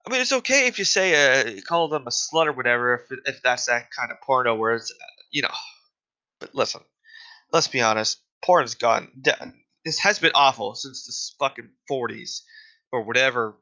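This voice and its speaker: A man's voice: mid-range voice, moderate pace, pushed and bright, low-quality recording. A man delivering a casual, profane solo rant, exasperated and full of fillers.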